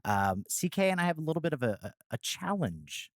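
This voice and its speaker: A man's voice: a little high, very animated, brisk, dry recording, studio quality. A man co-hosting an interview show, upbeat and chatty, often repeating words as he goes. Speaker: podcast co-host. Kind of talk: casual interview chat.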